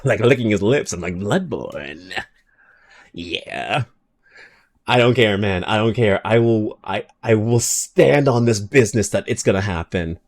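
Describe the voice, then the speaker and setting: A man chatting casually on a live stream, rambling and excitable, dropping into low mutters and then bursting into loud thank-yous for viewers.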